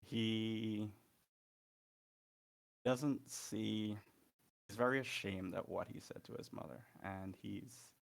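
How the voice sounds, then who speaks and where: A man's voice: on the low side, fairly even intonation, takes it slowly, vocal fry, long pauses. A man playing a tabletop game, narrating his character in a loose, hesitant way with many fillers. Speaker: player.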